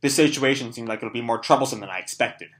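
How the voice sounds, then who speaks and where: A cold, stern veteran ninja man speaks in a flat, matter-of-fact way, as a hoarse young man reads him aloud. The voice is bright and a little worn, like a comic panel read out loud rather than performed. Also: medium pitch, fast talker, natural voice.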